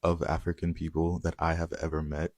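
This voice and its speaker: A man's voice: a bass voice, completely flat delivery, fairly quick, a little mellow, dry recording, clean studio sound. A man from the Caribbean giving casual reaction commentary in an earnest, emphatic way.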